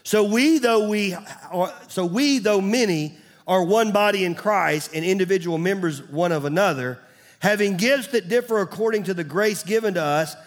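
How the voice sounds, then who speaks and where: A man's voice: high-pitched, moderate pace. A man, preaching a sermon as pastor in a conversational way, sometimes dropping to a near-whisper. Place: church stage.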